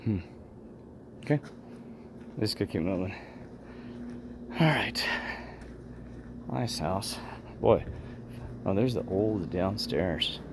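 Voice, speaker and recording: A man's voice: sits low, animated, slow, pauses often, background noise. A man exploring an old hotel, musing to himself as he walks, and at times calling out firmly to a spirit. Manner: calls out commandingly to a spirit. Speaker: paranormal investigator vlogger. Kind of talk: rambling walk-through commentary.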